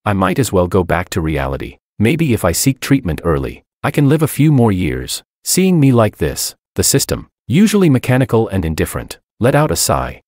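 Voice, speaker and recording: A man reading a first-person story aloud in an expressive, reflective way. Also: deep voice, normal speed, few pauses, dry recording, studio quality. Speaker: narrator. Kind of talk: first-person audiobook narration.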